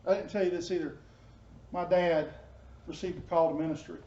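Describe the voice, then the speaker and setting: High-voiced man preaching in an echoey room. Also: steady tone, fairly quick, slight background noise. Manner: earnest storytelling, dropping soft and low in tender moments. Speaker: pastor. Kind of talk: personal testimony sermon. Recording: echoey, dull room sound.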